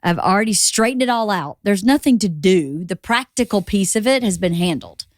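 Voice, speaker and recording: A woman's voice: medium pitch, lively intonation, normal speed, no room sound, studio quality. Earnest, reflective mother on a podcast. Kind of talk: casual podcast chat.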